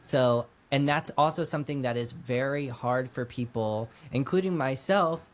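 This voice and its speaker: A man's voice: mid-range voice, moderate pace. A man co-hosting a podcast, discussing a novel casually and thinking aloud as he goes. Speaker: podcast co-host.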